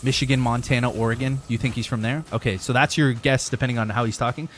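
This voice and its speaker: A male game streamer from Northern Ontario talks loosely with his chat, circling back over his points and cursing freely. His voice sits at an ordinary middle pitch. A faint noise hangs behind him. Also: steady tone, fast. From Northern Ontario, Canada. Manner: rambling, argumentative, swears freely. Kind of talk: casual chat with stream viewers.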